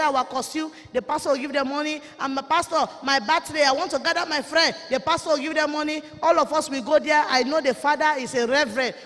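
A very high-pitched woman preaches an impassioned testimony, her bright, ringing voice carrying a tearful fervor. Her phrasing is plain and broken, and long reverb trails behind her words in a church conference hall. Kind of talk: fervent sermon testimony.

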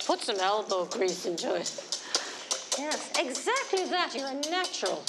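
Heavy background noise sits under a fairly high woman's voice with big pitch swings and a moderate pace. She's acting in a 1960s television drama as a cooking show guest: a tall, cheerful, exuberant TV cook in her fifties, chipper, warbling, theatrical, and fond of French phrases.

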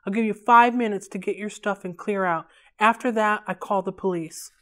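A woman reading aloud, voicing a crude, bullying middle-aged stepfather with a low growl and a sneering, threatening manner. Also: moderate pace, lightly acted.

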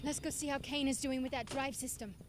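A woman's voice: high-pitched, fairly even intonation, a little fast, close to an everyday voice. Woman voicing a tough soldier barking orders. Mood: alert. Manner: barks short combat orders. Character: tough female soldier squad mate, urgent. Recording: game audio under loud battle noise.

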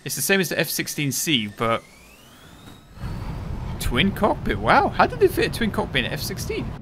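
Guy streaming a war game, joking around and swearing, slightly higher voice, bit of faint noise. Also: wildly swooping pitch, normal speed. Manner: irreverent, joking, profane. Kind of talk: casual gameplay commentary.

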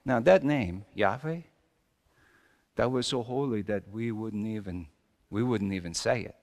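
A pastor playing wry, exasperated Joseph in an echoing church. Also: male voice, lowish voice, unhurried, a little mellow. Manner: joking, self-mocking storyteller with big emphatic swings. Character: wry, exasperated Joseph the carpenter, a grown man. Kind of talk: first-person dramatic sermon monologue. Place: church sanctuary. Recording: long reverb of a church hall.

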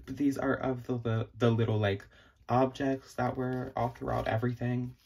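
A young man in a casual unboxing vlog, gushing and excitable, with frequent gasps and many fillers. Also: mid-range voice, normal speed, vocal fry, a little hiss or hum. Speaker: vlogger.

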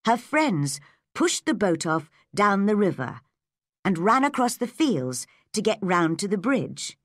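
Lady reading a kids story slow and clear, lots of lilt, dry close mic. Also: mid-range voice, very animated, dry recording. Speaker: narrator. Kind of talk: graded-reader story narration for learners.

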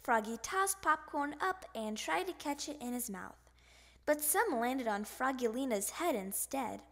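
Woman storybook reader, high bright voice, unhurried, animated read-aloud. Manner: animated, sound effects and character voices. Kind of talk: expressive picture book read-aloud.

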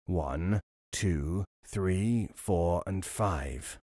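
A man doing a low menacing robber. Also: very slow, warm tone, no echo, studio quality, heavily acted. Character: murderous male robber, cold and menacing.

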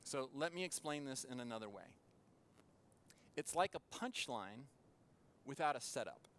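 A man preaching a sermon in a church as pastor, earnest and with dramatic pauses. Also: mid-range voice, animated, a bit bright, slight background noise.

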